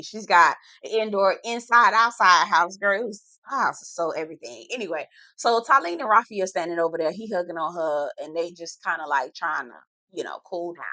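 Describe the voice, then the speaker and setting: Bright, sassy woman recapping gossip. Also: fairly low pitch, dry recording. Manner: sassy, dramatic, full of slang asides. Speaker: reality TV recap vlogger. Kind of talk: casual gossipy episode recap.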